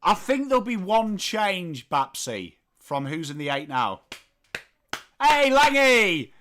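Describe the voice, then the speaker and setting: A man with a Northern English accent hosting a live football watchalong, calling the play and chatting with viewers, swearing casually and shouting at big moments. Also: a little high, big pitch swings, a little slow. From England. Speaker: livestream host.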